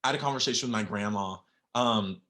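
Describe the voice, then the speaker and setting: A young man telling a personal story on a podcast, halting with many fillers and close to tears. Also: lowish voice, fairly bright tone. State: near tears. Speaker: podcast guest.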